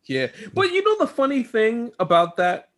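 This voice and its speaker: A man in a casual podcast chat, excitable and halting, often restarting his sentences. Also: very high voice. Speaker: podcast co-host.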